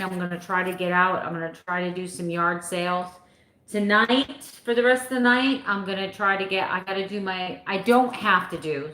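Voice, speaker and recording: A woman in her fifties with a lowish voice chats loosely with her live viewers. She rambles and laughs easily. The echoey room rings around her. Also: fairly bright tone. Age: 50s. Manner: chatty, rambling, laughs often. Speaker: vlogger answering live chat. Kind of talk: casual live chat.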